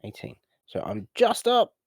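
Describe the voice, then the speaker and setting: Lively-voiced man player at a game table. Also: sits high, measured pace, gravelly, husky, no echo. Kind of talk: casual game chat.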